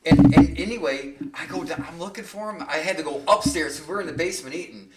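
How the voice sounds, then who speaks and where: A man's voice: fairly high pitch, a little fast, recorded from a distance, very noisy. A middle-aged man casually telling long, rambling, profane stories on a podcast and laughing at his own tales. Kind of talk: casual storytelling chat. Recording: roomy sound, away from the mic.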